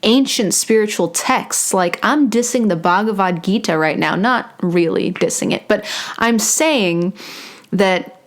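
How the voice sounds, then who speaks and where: Slow-spoken woman, gentle spiritual guide. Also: mid-range voice. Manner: unhurried and soft, with playful self-mocking asides. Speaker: meditation and spiritual channeling host. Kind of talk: slow reflective spiritual talk with channeled passages. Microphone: close microphone.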